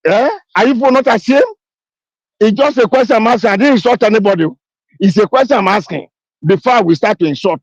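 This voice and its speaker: A woman's voice: on the high side, husky, dry recording, muffled recording. A woman, speaking emphatically in a live audio chat, repeating herself and pleading. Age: 50s. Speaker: caller on an audio space.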